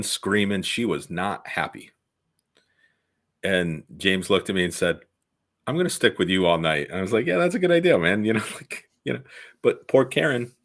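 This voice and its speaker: A man's voice: fairly low pitch, a bit bright. A middle-aged man, a concert photographer co-hosting a music talk show, telling a story in a rambling casual way. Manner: rambling, with many fillers and restarts.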